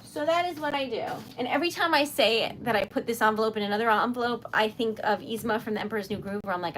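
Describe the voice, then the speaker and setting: A young woman chats through a crafting livestream, giggling and flustered as she thanks viewers. Her voice sits fairly high. A faint hiss of room noise lies under the recording. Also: quick pace, few pauses, a bit bright. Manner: giggly, easily flustered, thanks chat often. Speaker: livestream host. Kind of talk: casual livestream chat while crafting.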